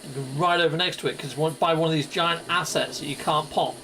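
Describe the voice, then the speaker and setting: A man's voice: on the high side, steady tone, fast, pushed and bright, a little hiss or hum. A man giving chatty, playful live commentary on his gameplay and greeting viewers, with goofy exclamations. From United Kingdom. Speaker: gaming live streamer.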